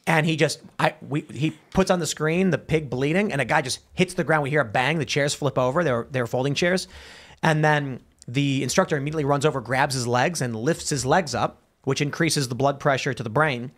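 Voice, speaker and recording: A man's voice: mid-range voice, brisk. A man hosting a talk show, telling stories with lots of restarts and stumbles. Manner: animated storytelling with many restarts. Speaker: podcast host. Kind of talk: casual studio talk show.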